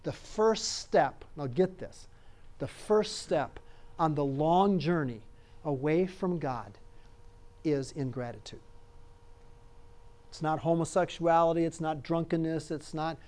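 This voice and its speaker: A man's voice: on the high side, slow pace, long pauses, a little mellow. A pastor preaching a conversational sermon, emphatic and repeating phrases as he asks his listeners "all right?".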